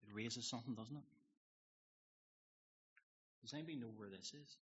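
A man's voice: medium pitch, moderate pace, a bit bright, slightly rough, muffled recording. A man preaching a sermon as a pastor, earnest and confessional, often putting questions to the congregation.

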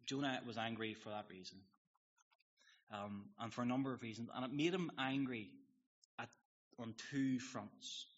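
Pastor guy preaching, husky voice, earnest and confessional, dull lo-fi sound. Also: mid-range voice, fairly bright tone. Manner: earnest, confessional, asks the congregation questions. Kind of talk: sermon.

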